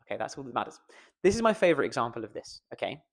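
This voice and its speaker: A man's voice: medium pitch, very animated, racing. A man, a voice coach giving a playful, self-mocking pronunciation lesson to camera and stretching out the stressed syllables.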